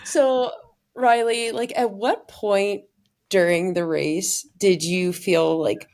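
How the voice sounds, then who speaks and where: A woman's voice: medium pitch, steady tone, slow pace, darkish tone. A woman podcast host asking questions in a casual, hesitant way with many fillers.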